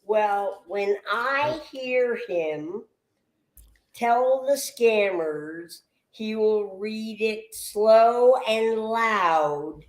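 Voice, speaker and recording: A woman, the host's wife, chatting slowly and deliberately on a live stream. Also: medium pitch, animated. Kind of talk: casual live stream chat. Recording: roomy echo.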